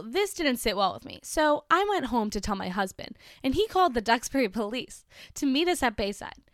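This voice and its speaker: A woman's voice: fairly high pitch, dry recording, clean studio sound. A woman from Massachusetts telling a story in a chatty, sarcastic way with lots of fillers, reading out a post and reacting to it. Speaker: commentator reading a social media post. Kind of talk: casual storytime commentary.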